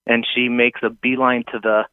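A man's voice: mid-range voice, flat delivery, normal speed, smooth, dry recording. A man in his thirties rambles through a story, stalling on fillers and restarts. His voice comes through a tinny, phone-like line and sounds dry and close. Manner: rambling, hesitant, lots of fillers.

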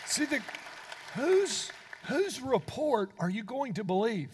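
Older male pastor, high voice, sermon storytelling that builds to fervent preaching, long hall reverb. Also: sing-song, slow, slightly rough.

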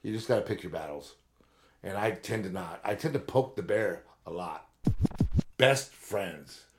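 A man's voice: deep voice, moderate pace, heavy background noise. A man in his fifties on a podcast, telling long, rambling, profane stories in casual chat. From Southern California. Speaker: podcast co-host.

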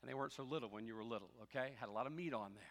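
A middle-aged man preaching a sermon as pastor, shifting between loud, driving preaching and quiet, joking asides. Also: mid-range voice, rapid-fire, in a large hall. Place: church sanctuary.

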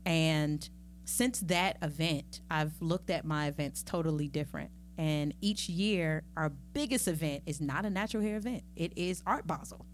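A middle-aged woman talking as a podcast guest in a casual, lively and playful way, with chatty asides. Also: deep voice, moderate pace, a little hiss or hum. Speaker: podcast guest, magazine founder. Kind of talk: casual conversational interview.

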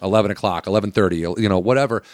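A man's voice: lowish voice, rapid-fire, darkish tone, no room sound. A man telling showbiz stories in casual chat, swearing and laughing as he goes.

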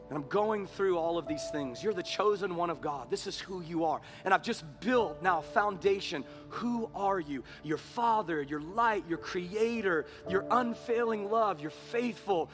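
Pastor guy preaching in church, kinda high voice, gets loud then drops to a hush, music playing soft under him. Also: lively intonation, measured pace, few pauses. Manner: swings between loud preaching and hushed prayer. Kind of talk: sermon.

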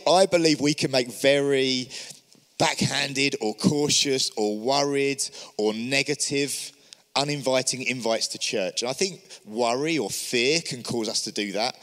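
A man's voice: mid-range voice, fairly bright tone, big-room sound. A man giving an encouraging church teaching talk, speaking earnestly and asking many rhetorical questions. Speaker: church leader.

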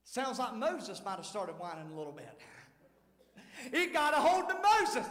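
A man preaching a sermon as pastor, dramatic, swinging from shouts to hushed tones. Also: high-pitched, big pitch swings, normal speed. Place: large church sanctuary. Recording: echoey hall with long reverb.

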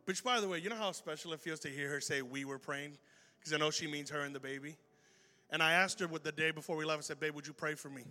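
A male pastor telling a story in a sermon, lively and animated, acting out the voices of the people in it. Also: a little high, quick pace. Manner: animated, acts out dialogue in the story. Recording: long hall reverb with faint music.

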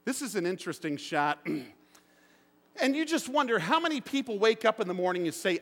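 A man's voice: sits high, fairly quick. A middle-aged man preaching as pastor in a church, telling stories with acted-out quotes. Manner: animated storytelling with voiced quotes. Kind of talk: sermon. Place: church sanctuary. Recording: long hall reverb.

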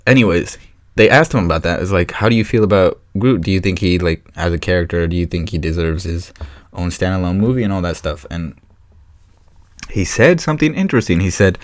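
A man hosting his own podcast in a casual solo chat, rambling and excitable with many fillers and restarts. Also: deep voice, no room sound. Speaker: podcast host.

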